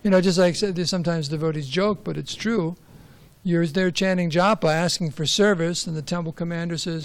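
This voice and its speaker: Guy teaching a scripture class, chatty, lots of questions to the room, high gravelly voice. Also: steady tone, a little fast. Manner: conversational, rhetorical questions, storytelling. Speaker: class speaker.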